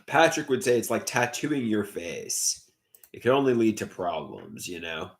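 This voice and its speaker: A young man with a Long Island accent chatting casually on a livestream, rambling and hesitant as he reads out viewer comments. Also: measured pace. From Long Island, New York. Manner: rambling, hesitant, lively pitch. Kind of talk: casual live stream chat, reading comments.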